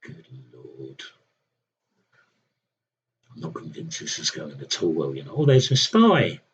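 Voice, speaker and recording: Husky man muttering through a strategy game. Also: sits low, wildly swooping pitch, a little slow, dull audio. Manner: wry muttering to himself, thinking aloud. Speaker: game streamer. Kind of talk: casual live gameplay commentary.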